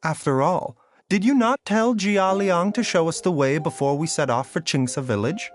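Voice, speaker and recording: An actor playing a calm, curious doctor who speaks in a measured, wryly amused way. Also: male voice, fairly high pitch, close to an everyday voice. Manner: measured, wry, softly amused. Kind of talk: game voice acting.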